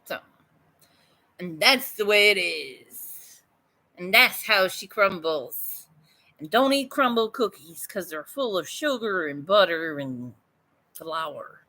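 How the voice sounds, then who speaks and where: A woman's voice: on the low side, expressive, slow, long pauses, bright, forceful tone. A woman from Newfoundland with a Newfoundland accent, chatting casually and bluntly with her viewers, swearing freely and laughing often. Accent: Newfoundland English. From Newfoundland, Canada. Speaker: artist vlogger. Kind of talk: casual live chat to viewers.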